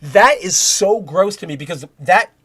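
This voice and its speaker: A man's voice: high voice, a little slow, fairly bright tone, slightly rough. A young man hosting a podcast, talking in rambling casual commentary with many restarts and heated bursts of profanity. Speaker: podcast host.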